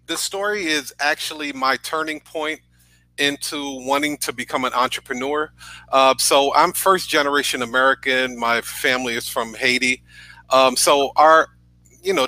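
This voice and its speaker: A man's voice: mid-range voice, normal speed, pushed and bright, no room sound, rough recording. A man in his thirties from New York, a podcast guest earnestly telling a personal story over a video call, often checking in with "right?". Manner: earnest, tag questions with "right?".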